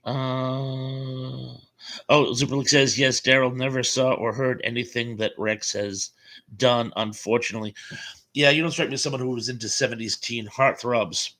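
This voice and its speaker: A man's voice: mid-range voice, steady tone, moderate pace, pushed and bright. An American man hosting a casual live stream, rambling through stories and reading out viewer comments with fillers and chuckles. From United States.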